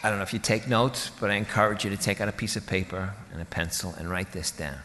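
Bright-voiced male pastor in a hall. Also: lowish voice, fast, a little hiss or hum. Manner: conversational, jokey, acts out voices of people in the story. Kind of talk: sermon.

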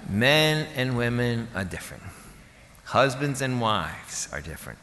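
Guy preaching, chatty and jokey, bright forceful voice, echo from a big church hall. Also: medium pitch, very animated, unhurried, a little hiss or hum. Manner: conversational, jokey, acts out voices of people in the story. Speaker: pastor. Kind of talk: sermon.

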